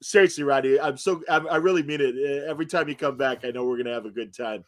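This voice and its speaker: A man's voice: mid-range voice, fast. A man hosting an interview show, chatting casually and praising his guest with an encouraging manner. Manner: warm, encouraging, effusive praise. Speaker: host.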